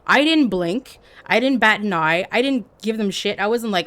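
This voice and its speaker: A woman livestreamer telling stories in casual chat, animated and peppered with "like". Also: medium pitch, moderate pace, hardly any pauses. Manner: animated, heavy use of "like".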